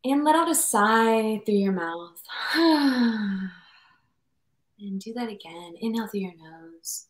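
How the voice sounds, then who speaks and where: A woman leading a guided meditation in a soft, slow, soothing voice over a video call. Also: a little high, expressive, roomy sound, poor audio. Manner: soft, slow and soothing, speaks softer as it goes.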